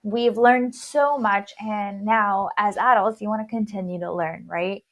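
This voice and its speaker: A woman's voice: medium pitch, unhurried. A woman hosting a podcast, walking through a science topic in casual chat. She has a slight lisp and a mid-range voice. She stumbles and restarts on long words. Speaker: podcast host.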